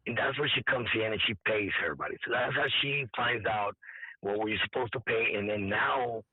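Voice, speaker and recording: Hoarse man on a tinny line. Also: on the low side, no room sound. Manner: halting, repeats words, quotes others. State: hoarse, voice nearly lost. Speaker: event organizer. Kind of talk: casual interview storytelling. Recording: dry tinny phone-like line.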